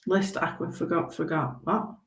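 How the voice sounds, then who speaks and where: Chatty low-voiced woman reading tarot. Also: fairly even intonation, moderate pace, reverberant, rough recording. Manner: chatty, reassuring, says okay often. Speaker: tarot reader. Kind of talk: live-stream tarot reading.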